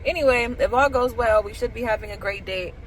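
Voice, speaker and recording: Young woman rambling nervous to the camera in her car, bit high voice, faint traffic outside. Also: a little fast, rough recording. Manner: nervous, giggly, chatty, talking to viewers as girls. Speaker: vlogger. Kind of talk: casual vlog chat. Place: parked car.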